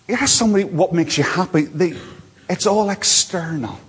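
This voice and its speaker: A man preaching a sermon from a church platform, earnest and repetitive, moving between soft asides and lifted emphasis. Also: high voice, normal speed, breathy edge, in a large hall.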